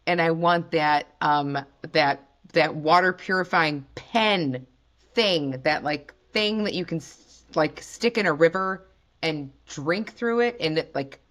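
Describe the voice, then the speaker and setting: A woman's voice: fairly low pitch, fairly bright tone. A woman hosting a podcast, chatting casually and animatedly with lots of fillers. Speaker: podcast host. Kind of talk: casual chat.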